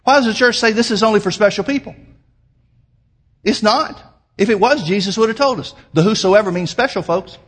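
Husky-voiced man preaching a sermon. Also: sits high, fairly bright tone. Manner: emphatic preaching, slows down to quote scripture. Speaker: pastor.

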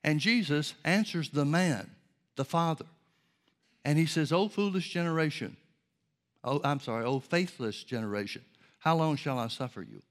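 Earnest male preacher, slightly high voice. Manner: earnest, measured teaching with rhetorical questions. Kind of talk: sermon.

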